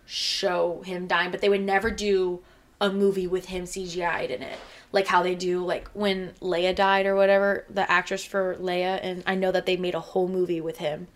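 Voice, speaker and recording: A woman's voice: on the low side, flat delivery, moderate pace. A young woman co-hosting a laid-back fan podcast. She rambles along with lots of "like" fillers, and her voice carries real feeling as she talks. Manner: chatty, lots of "like" fillers, emotional. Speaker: podcast co-host. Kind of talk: casual fan podcast chat.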